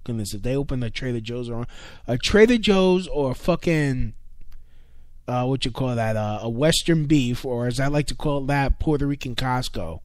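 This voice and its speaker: A man's voice: medium pitch, normal speed, darkish tone, no echo, studio quality. Rambling profane man. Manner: profane, rambling, many fillers and restarts. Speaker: podcast host. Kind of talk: casual comedic rant.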